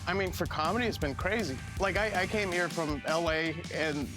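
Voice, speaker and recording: A man answering an interview question, telling a relaxed, wry story. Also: fairly high pitch, normal speed, over music. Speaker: comedian being interviewed.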